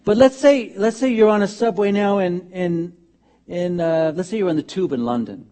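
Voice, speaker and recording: A man's voice: sits high, normal speed. A man preaching a conversational, humorous sermon as minister in a church. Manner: conversational, humorous, animated asides. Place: church sanctuary.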